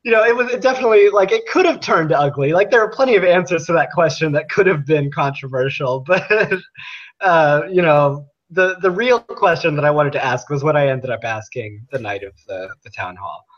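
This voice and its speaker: A man's voice: a little high, fairly quick. Young man on a muffled remote line. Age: young adult. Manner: earnest storyteller, laughs often. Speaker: guest. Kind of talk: casual interview.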